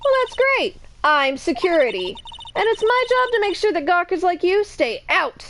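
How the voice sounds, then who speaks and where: A woman's voice: very high-pitched, big pitch swings, moderate pace, slight background noise, voice pushed up, full character voice. A woman voicing a cranky older woman working as a studio security guard, with a put-on New York accent and a scolding manner. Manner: scolding, loud.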